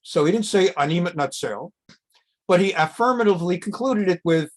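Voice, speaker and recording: A middle-aged rabbi leads a relaxed text class, reading out Hebrew lines and then explaining them in plain talk. His voice jumps up when he acts out what the figures say. He digresses often before returning to the passage. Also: brisk. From America. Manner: reads Hebrew text and translates it with asides; animated, jumps up in pitch when acting out quotes. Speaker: rabbi teaching a Bible class. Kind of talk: conversational Torah class.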